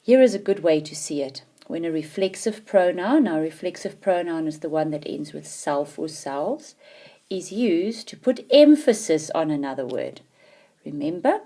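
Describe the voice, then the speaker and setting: Female teacher, low-ish mellow voice, patient explainer with punchy emphasis. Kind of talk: grammar lesson.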